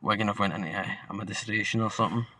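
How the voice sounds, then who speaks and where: A man's voice: on the low side, fairly even intonation, very fast, sharp tone, a little hiss or hum. A young Scottish man co-hosting a podcast, chatting casually about football in a blunt, sweary, rambling way. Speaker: podcast co-host.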